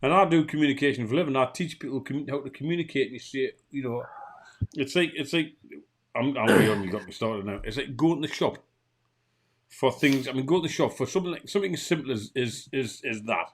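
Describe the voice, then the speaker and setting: A man's voice: medium pitch, animated, quick pace. A man with a Geordie accent, co-hosting a podcast and grumbling in a casual chat, full of restarts and swearing. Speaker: podcast co-host.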